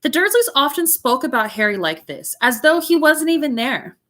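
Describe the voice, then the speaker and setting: Bright, chatty teacher reading aloud. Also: female voice, sits high, big pitch swings. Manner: chatty, pausing to comment and explain. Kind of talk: read-aloud storytelling to a class. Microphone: video call.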